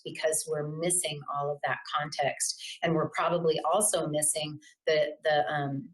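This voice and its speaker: A middle-aged woman leads an online communication training in a somewhat low voice. She talks informally and keeps checking in with her listeners by asking "right?". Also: rough recording.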